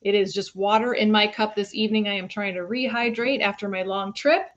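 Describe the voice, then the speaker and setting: A woman's voice: mid-range voice, steady tone, fairly quick, highs cut off. A woman in her forties, a physical therapist, hosting a casual live stream, jet-lagged and chatty, greeting viewers by name and correcting herself as she goes. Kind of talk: casual live-stream chat reading out viewer shout-outs. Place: home studio in Florida.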